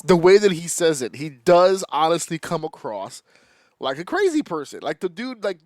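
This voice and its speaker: A man co-hosting a casual podcast, excitable and profane, acting out scenes as he laughs through his stories. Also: a little high, dry recording, studio quality. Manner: excitable, swears freely, acts out scenes while laughing. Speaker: podcast co-host.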